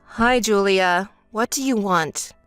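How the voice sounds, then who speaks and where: A woman voicing a calm, level-headed young woman who answers her sister flatly and sarcastically, in a texting-story voice-over. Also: medium pitch, slow pace, smooth, no echo, faint music behind. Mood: dry. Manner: flat, dry, sarcastic.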